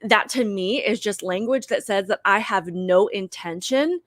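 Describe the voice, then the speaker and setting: A woman hosting an opinion commentary show, speaking with indignant emphasis and frequent restarts. Her voice sits at a medium pitch. The recording is dry and close, with no room echo. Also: unhurried, a bit bright. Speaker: political commentary host.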